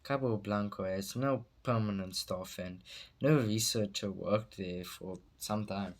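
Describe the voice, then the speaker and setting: A man reading the lines of a calm, formal doctor explaining a case, in a measured and polite way. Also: on the low side.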